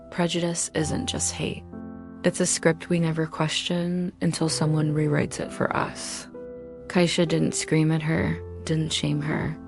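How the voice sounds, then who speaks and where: A woman's voice: low voice, creaky. A woman narrating a scripted dramatic story in punchy short sentences.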